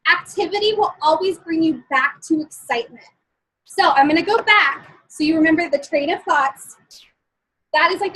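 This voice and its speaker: A woman with a very high voice talks through a motivational lesson to a live online audience. She sounds chatty and upbeat, laughs often between points, and keeps checking that her listeners are still with her. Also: fairly bright tone, low-quality recording. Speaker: motivational speaker. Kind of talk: live-streamed motivational talk.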